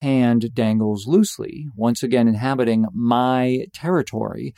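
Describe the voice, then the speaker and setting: A young man narrating a personal story in a deadpan, mock-epic manner. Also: mid-range voice, a little slow, creaky, no echo, studio quality.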